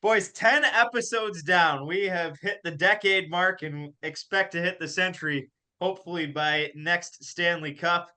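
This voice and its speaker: A young man hosting a hockey podcast, telling a story in a casual, animated way and laughing as he goes. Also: high voice, a little slow, hardly any pauses. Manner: animated, laughs through his stories. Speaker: podcast host and college golf coach.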